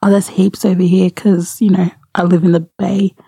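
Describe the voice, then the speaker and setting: Young australian woman, podcast co-host, dark husky voice, dry close sound. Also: lowish voice, level tone, moderate pace, no echo. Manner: giggly, teasing banter. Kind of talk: casual chat.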